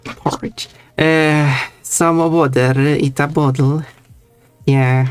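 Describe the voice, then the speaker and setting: A man's voice: mid-range voice, no room sound. A man from Sweden with a Swedish accent, chatting playfully on a stream. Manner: playful, drawn-out, laughs between words. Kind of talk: casual stream chat.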